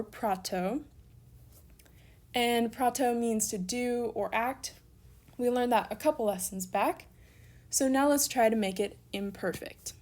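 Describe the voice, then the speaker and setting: Young woman with a fairly high voice, upbeat teacher walking through examples, corrects herself and moves on. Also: a little mellow. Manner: upbeat, encouraging, talks through worked examples; self-correcting, casual asides. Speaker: Greek language teacher. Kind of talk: recorded online lesson.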